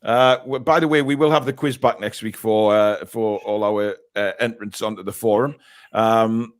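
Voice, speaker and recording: A man's voice: lowish voice, fairly even intonation, normal speed. Chatty male podcast host. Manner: chatty, reacting with filler words. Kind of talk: casual live-stream chat.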